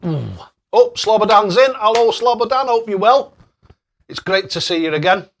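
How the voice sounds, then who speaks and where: A young man runs a casual live stream with cheery, excitable chat. His voice sits a little high, and he keeps thanking viewers by name. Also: moderate pace.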